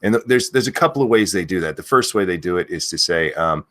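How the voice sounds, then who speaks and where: A man hosting a live stream, chatting casually, swearing a lot, and yelling out viewers' names now and then. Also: low voice, fast talker.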